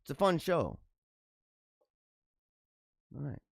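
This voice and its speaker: A man hosting a show, reading out news items and joking about them in loose, animated asides with frequent laughs. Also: a little high, takes it slowly, creaky, dry recording. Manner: animated, laughs and riffs between read-aloud headlines. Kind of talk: casual commentary on news items.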